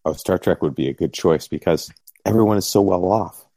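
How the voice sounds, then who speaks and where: Deep, dark-voiced middle-aged man. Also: brisk, gravelly, no echo. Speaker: podcast co-host and game master. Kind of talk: casual podcast chat.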